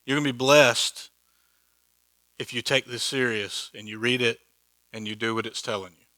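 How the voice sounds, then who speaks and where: A man's voice: mid-range voice, fairly even intonation, moderate pace, pushed and bright. A man teaching a Bible study in a church hall, conversational and joking, with many rhetorical questions.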